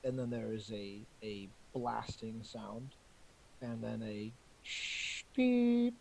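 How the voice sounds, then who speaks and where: A man narrating a tabletop game as game master, measured with small hesitations. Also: lowish voice, fairly even intonation, gravelly, fairly bright tone, poor audio.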